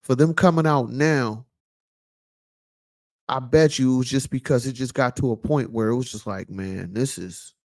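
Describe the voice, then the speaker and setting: Speaking at a normal speed with long pauses, a man at medium pitch keeps his intonation fairly even. He's a vlog host offering loose, preachy commentary, leaning on fillers and repeating himself to drive points home.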